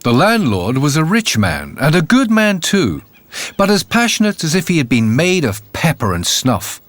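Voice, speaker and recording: Expressive male fairy tale narrator. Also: a little high, moderate pace, no echo. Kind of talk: storybook narration.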